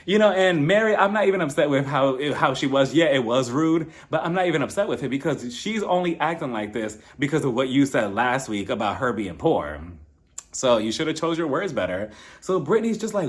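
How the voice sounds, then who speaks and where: A man's voice: on the high side, moderate pace. A young man giving a casual, opinionated recap of a reality show, acting out quotes and laughing as he mocks the cast. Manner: animated, mocking, acts out quotes with laughs.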